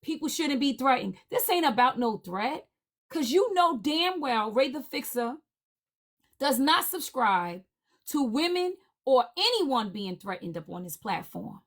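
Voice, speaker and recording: A woman with a high-pitched voice delivers a heated livestream rant. She hammers the same demands over and over in an indignant, forceful way. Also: big pitch swings, unhurried. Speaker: livestream panelist.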